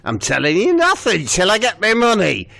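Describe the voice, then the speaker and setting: A man voicing a rude, domineering woman in a comedy podcast sketch, loud and bullying. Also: high voice, wildly swooping pitch, normal speed, gravelly, slight background noise, pitched above the performer's own voice, heavily acted. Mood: bossy.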